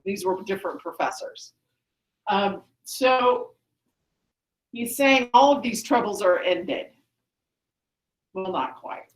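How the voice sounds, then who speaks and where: A woman's voice: medium pitch, lively intonation, slow, long pauses. A woman teacher explaining a play to students in a classroom, often checking with "okay?". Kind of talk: classroom lesson. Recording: echoey classroom.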